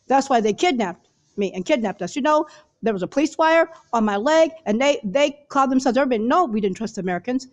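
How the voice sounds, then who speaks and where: A woman speaking to viewers in a hurried, rambling monologue full of repeated fillers and restarts. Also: fairly high pitch, animated, lo-fi sound. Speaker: video blogger.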